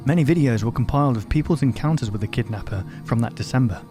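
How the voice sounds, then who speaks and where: A man of middle pitch reads a creepy story aloud, calm and level. He keeps cutting in with loud, startled remarks. Clear music plays under his voice. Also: quick pace. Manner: reads in an even tone, breaks off with sudden loud exclamations. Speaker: reaction video host. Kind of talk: reading a horror story aloud with reactions.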